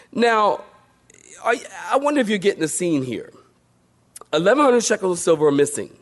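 High-pitched preacher guy, super animated, telling bible stories like he's chatting with the crowd. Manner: animated, storytelling, acts out voices, rhetorical questions. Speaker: pastor. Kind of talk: sermon.

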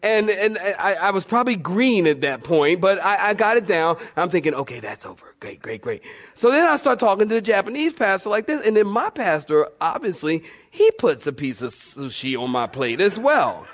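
Male preacher, lively storyteller, somewhat high voice, repeats lines and questions the congregation. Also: normal speed, few pauses. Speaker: pastor. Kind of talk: sermon with a humorous personal story.

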